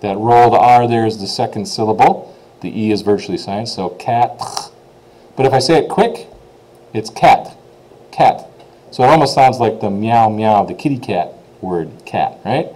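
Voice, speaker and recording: This French teacher, a man whose first language is English, chats his way through an informal pronunciation lesson with a lowish, dark voice. He repeats words slowly and keeps checking with "okay?", all on a low-quality recording.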